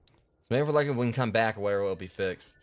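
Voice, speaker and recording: A man's voice: lowish voice, racing, clear, resonant tone. A man streaming a video game live, commenting casually to his chat while frustrated and apologizing for glitches.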